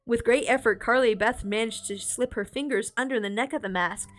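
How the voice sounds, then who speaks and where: A woman streamer reading a children's horror book aloud, expressive with small slips. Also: fairly high pitch, brisk. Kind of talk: storybook read-aloud.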